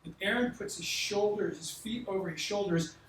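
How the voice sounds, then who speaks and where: Older male doctor, sixties, animated storyteller who acts out dialogue; distant mic in a reverberant hall. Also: high-pitched, normal speed, a little hiss or hum. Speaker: doctor giving a talk to students. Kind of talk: storytelling talk. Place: large lecture hall.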